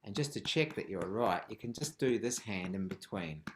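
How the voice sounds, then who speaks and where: Playful low-voiced man teaching rhythm online. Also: lively intonation, normal speed, background noise. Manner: playful, jokey, with frequent ums and laughs. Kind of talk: live online group lesson. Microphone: video call.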